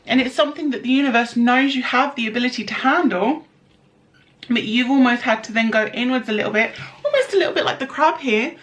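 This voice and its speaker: A woman's voice: fairly high pitch, fairly quick, a bit bright. Chatty woman giving a tarot reading. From United Kingdom. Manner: chatty, rambling, many fillers and restarts. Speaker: tarot reader. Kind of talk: casual tarot reading to camera.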